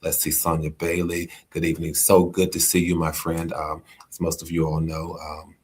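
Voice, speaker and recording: A man's voice: deep voice, monotone, moderate pace, slightly rough. A middle-aged man hosting a live-streamed talk, greeting viewers and giving an inspirational lesson with many restarts and repeated phrases. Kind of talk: casual inspirational livestream talk. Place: indoors at a friend's home while traveling.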